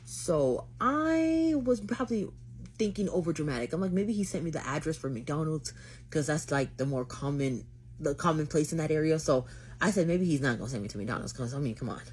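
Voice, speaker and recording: A young woman vlogger retelling a dating story to the camera, dramatic and lively, acting out what everyone said. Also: low-pitched, fairly quick, slight background noise.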